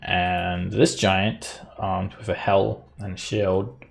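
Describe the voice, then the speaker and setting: A man with a very low, gravelly voice runs a tabletop game as its dungeon master. He narrates the action briskly and explains the rules patiently. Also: level tone.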